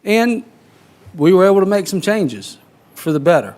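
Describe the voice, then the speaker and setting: A man's voice: high-pitched, very animated, moderate pace, a little mellow. A man, a county council member telling a blunt, folksy story in a meeting.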